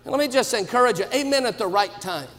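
Shouting high-voiced preacher in a reverberant church. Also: male voice, lively intonation, fast talker, slight background noise. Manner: emphatic, swings to shouts. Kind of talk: sermon. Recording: long reverb of a church hall.

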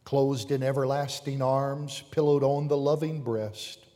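Male pastor, mid-range voice, unhurried sermon delivery from fervent to hushed, long church-hall reverb. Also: mid-range voice, steady tone. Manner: preaching with rising fervor and hushed appeals. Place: church sanctuary with pews.

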